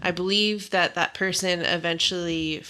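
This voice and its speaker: A woman's voice: lowish voice, steady tone, normal speed, pushed and bright. A woman around thirty co-hosting a podcast, chatting casually about books, rambling with fillers and frequent laughs. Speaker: podcast co-host.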